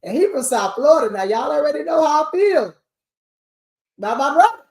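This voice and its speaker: A woman, an award show CEO talking shop in a lively, preachy way. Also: high-pitched, fairly quick. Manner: animated, preachy, sings snippets. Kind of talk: casual panel chat. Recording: echoey room.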